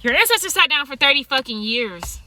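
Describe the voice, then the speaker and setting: Woman vlogger, tarot and yoga type; blunt, profane, laughs a lot; bright, fairly high voice. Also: lively intonation, fairly quick, slight background noise. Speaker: tarot card reader and yoga teacher. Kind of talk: casual monologue to camera.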